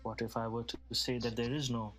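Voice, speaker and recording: A man playing a calm, persuasive male desert traveler in a tabletop game, measured and reassuring. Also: mid-range voice, faint music behind, lightly acted.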